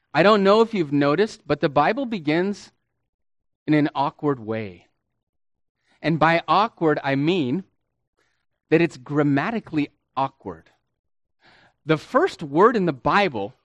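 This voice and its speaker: A man preaching a sermon as a pastor, teaching with deliberate emphasis and stretching key words, calling his listeners beloved and friends. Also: a little high, fairly bright tone, no room sound.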